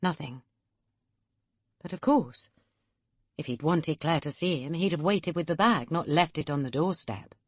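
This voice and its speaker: A woman narrating an audiobook thriller in a measured, steady storytelling voice, recorded close on a studio microphone. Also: sits low, dry recording.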